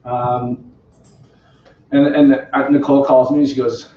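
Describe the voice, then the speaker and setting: A man's voice: mid-range voice, level tone, unhurried, slight background noise. Guy telling a funny story at home, laughs a lot, roomy room, kinda muffled far away mic. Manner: chatty, self-deprecating, laughs often, quotes others. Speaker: company representative telling his story. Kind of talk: casual storytelling to a small group. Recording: roomy, distant, dull home video.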